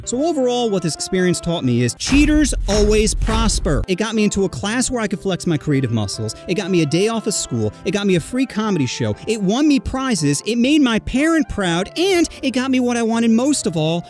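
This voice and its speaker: A man narrating his own comedy stories in a scripted way, sarcastic and brash, with deadpan punchlines. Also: high voice, fairly quick, hardly any pauses, faint music behind.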